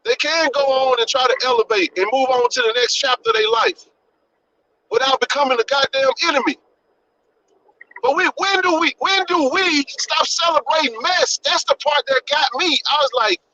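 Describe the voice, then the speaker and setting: A man's voice: extremely high pitch, animated, moderate pace, pushed and bright, slight background noise. A man hosting a podcast live stream, ranting passionately, repeating his points and swearing for emphasis like a preacher. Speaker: podcast host. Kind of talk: impassioned live-stream rant. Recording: dull lo-fi live-stream audio.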